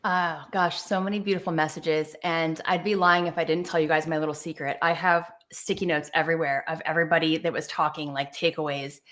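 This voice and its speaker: A young woman with a Southern American accent tells her story on a video call. Her voice sits a little low, and she talks in an animated way, laughing often and restarting her sentences. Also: a little fast, hardly any pauses. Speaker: guest speaker, dance teacher. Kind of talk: conversational interview storytelling. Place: virtual event, video call. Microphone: video call microphone.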